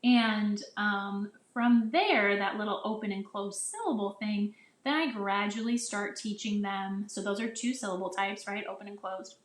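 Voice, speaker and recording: A woman's voice: medium pitch, steady tone, normal speed, hardly any pauses. A woman teacher explaining phonics to other teachers in a casual, chatty way, often restarting sentences and sounding out vowels the way she would for children. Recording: echoey room.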